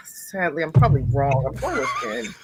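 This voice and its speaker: A woman's voice: sits low, huge pitch swings, measured pace, music in the background, low-quality recording. A woman on a podcast panel, teasing and playfully exasperated as she guesses in casual chat.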